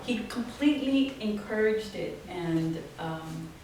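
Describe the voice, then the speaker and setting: A woman tells animated stories, laughing often and slipping into the voices of people she quotes. She sits back from the mic in a very echoey room, and a faint hiss runs under her voice. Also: medium pitch, slow pace, distant mic. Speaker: guest artist. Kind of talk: storytelling talk. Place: small office event space.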